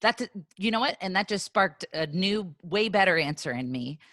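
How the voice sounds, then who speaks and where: Woman guest, lively and self-mocking, lowish voice, dry and close. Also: normal speed, dry recording. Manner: animated, self-deprecating storyteller. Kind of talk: casual interview chat.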